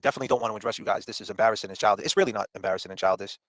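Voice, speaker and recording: A man's voice: fairly low pitch, rapid-fire, no room sound. A man co-hosting a livestream, ranting in a combative, mocking way and swearing freely. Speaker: podcast co-host. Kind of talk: heated livestream rant.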